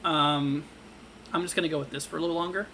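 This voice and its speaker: A young man hosting a live severe-weather stream, talking casually with lots of fillers and halting restarts while reading viewer comments. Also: on the high side, steady tone, pushed and bright, a little hiss or hum. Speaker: livestream weather host.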